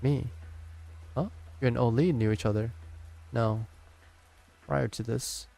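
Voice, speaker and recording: Man with a dark, gravelly voice reading game dialogue. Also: medium pitch, fairly even intonation, a little hiss or hum. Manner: reads deliberately, with slips and restarts on words. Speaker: streamer reading a game story aloud.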